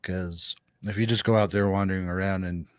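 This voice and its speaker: An earnest man speaks as a guest on a livestream, passing on advice. His voice is on the low side, and the recording is dry and close. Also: steady tone, a little fast, no echo. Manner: earnest, advising, with quoted asides. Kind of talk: livestream interview.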